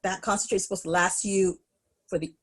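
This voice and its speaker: A middle-aged woman, a podcast guest, telling school stories in an animated, laughing way. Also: mid-range voice, quick pace, slightly rough. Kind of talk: storytelling in a podcast interview.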